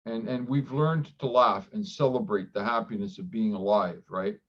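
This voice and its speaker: A man, a doctor, speaking candidly as an interview guest, reflective and halting with frequent restarts, acting out remembered dialogue. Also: lowish voice, fairly even intonation, highs cut off. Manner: acts out quoted dialogue with livelier voice.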